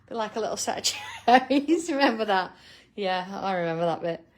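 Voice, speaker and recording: A woman's voice: mid-range voice, lively intonation, fairly quick, slight background noise. A middle-aged woman hosting a live drawing tutorial, chatting casually with viewers by name and laughing often. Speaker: art tutorial host.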